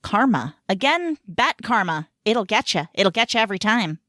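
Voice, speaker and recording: A woman's voice: medium pitch, big pitch swings, moderate pace, sharp tone, dry recording, studio quality. Woman co-hosting a chatty podcast. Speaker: podcast co-host. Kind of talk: casual podcast chat.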